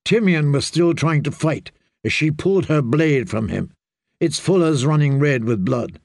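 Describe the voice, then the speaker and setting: A man narrating an audiobook in a measured, deliberate storytelling manner. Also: a little high, expressive, creaky, a little mellow, dry recording, clean studio sound.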